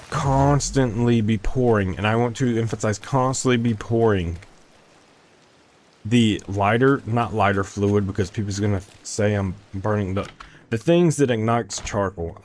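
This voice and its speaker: Low-voiced rambling young man streamer. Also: a little mellow, slight background noise. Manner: rambling, self-interrupting, chatty. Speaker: gaming streamer. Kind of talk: casual gameplay chat with chat.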